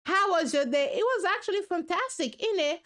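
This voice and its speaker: A woman's voice: extremely high pitch, lively intonation, a little fast, fairly bright tone, pitched above the performer's own voice. A woman putting on a mocking imitation of a young woman who talks with her mouth wide open, teasing and exaggerated.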